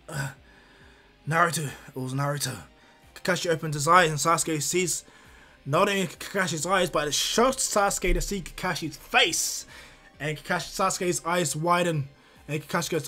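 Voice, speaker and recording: A man's voice: on the high side, steady tone, normal speed, sharp tone, soft background music. A man improvising a fan fiction story aloud, rambling with many fillers and restarts.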